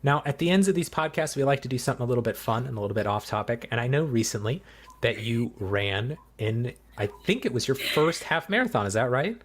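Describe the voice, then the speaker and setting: A man's voice: medium pitch, animated, quick pace. A man hosting a podcast, asking friendly, encouraging questions. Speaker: podcast host. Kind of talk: interview.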